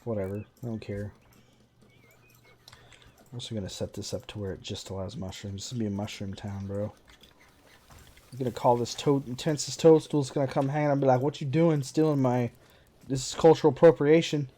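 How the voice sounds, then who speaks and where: A man's voice: on the low side, brisk, pauses often, mellow, breathy edge. A man streaming a game live, chatting casually in a sarcastic, self-mocking running commentary as he plays. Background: faint game music.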